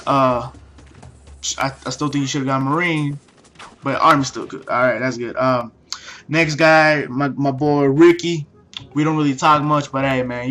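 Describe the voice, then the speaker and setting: A man's voice: medium pitch, a bit bright. A teenage guy telling a story to a camera in a casual, foul-mouthed way, with lots of fillers and restarts. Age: late teens. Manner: heavy swearing, many fillers and restarts. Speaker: vlogger.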